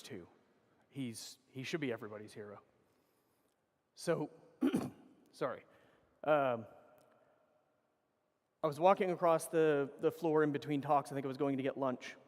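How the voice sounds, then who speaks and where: A middle-aged man giving a casual, profane, rambling conference talk on stage, correcting himself as he goes. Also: fairly high pitch. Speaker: conference speaker. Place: large conference hall. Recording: reverberant conference hall.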